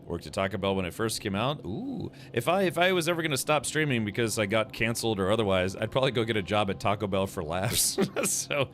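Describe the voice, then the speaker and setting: A man streaming a video game, chatting casually with viewers and reacting out loud as he plays. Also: fairly low pitch, expressive, fast, few pauses, a little hiss or hum. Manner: casual, rambling, reacts aloud while playing. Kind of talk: gaming livestream commentary, chatting with viewers. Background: game music.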